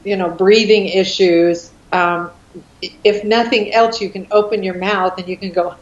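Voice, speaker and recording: A woman's voice: mid-range voice, steady tone, normal speed, reverberant, lo-fi sound. A woman from the United States leading a laughter yoga exercise in casual chat, giggly and instructive, laughing often between her words.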